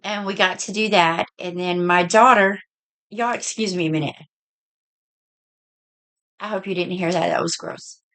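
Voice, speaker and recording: Chatty Southern woman, a bit hoarse. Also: on the low side, steady tone, a little slow, pauses often, a bit bright. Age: middle-aged. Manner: chatty, folksy, says y'all. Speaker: vlogger. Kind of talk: casual haul chat.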